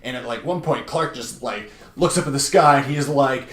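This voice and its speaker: A young man in casual chat, rambling and animated as he recaps a story. His voice sits mid-pitched. The room around him is roomy and echoing. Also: a little fast. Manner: rambling, animated retelling with many "like" fillers. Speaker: podcast host.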